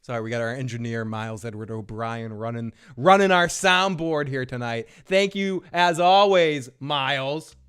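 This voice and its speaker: A man's voice: medium pitch, moderate pace, hardly any pauses, fairly bright tone, smooth. A man hosting a casual live recap show from home, rambling and joking with frequent chuckles. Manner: jokey, rambling, chuckles often. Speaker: host.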